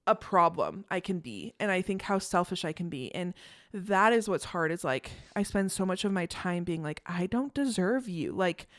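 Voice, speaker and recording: A young woman in casual chat, co-hosting a podcast, retelling a story in a chatty, animated way. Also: on the low side, moderate pace, no room sound, studio quality. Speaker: podcast co-host.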